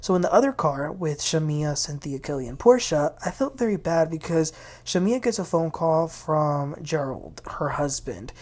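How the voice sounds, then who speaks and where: A woman's voice: deep voice, expressive, normal speed, darkish tone. A woman hosting a casual, opinionated recap of a reality TV episode. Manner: chatty, opinionated, quotes the cast. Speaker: TV recap host.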